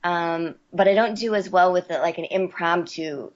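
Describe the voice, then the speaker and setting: A low-pitched woman from West Virginia speaks in a relaxed interview, stumbling and repeating words as she collects her thoughts. The audio sounds dull and lo-fi. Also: normal speed. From West Virginia, USA. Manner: hesitant, repeats words while thinking, laughs easily. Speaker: interview guest, athlete. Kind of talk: casual interview answers.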